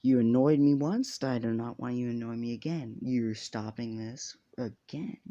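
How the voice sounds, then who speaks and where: A man's voice: medium pitch, normal speed, highs cut off, close to an everyday voice. A man voicing a cold, blunt teenage boy who brushes off classmates. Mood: dismissive. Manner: flat, dismissive.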